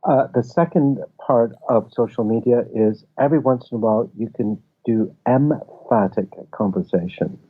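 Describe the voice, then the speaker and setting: A man's voice: medium pitch, normal speed, hardly any pauses, breathy edge. A man, a film festival founder, explaining ideas with anecdotes as a guest in a casual interview. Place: office. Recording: tinny phone-like line.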